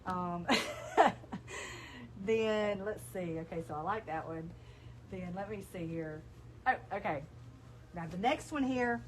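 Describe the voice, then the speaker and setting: A woman's voice: mid-range voice, normal speed, pauses often. A middle-aged woman with a Southern US accent, running a casual live sales stream for her shop, chatting in a folksy way and laughing a lot. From South Alabama. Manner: chatty, laughs often, folksy asides to viewers. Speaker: store owner presenting products.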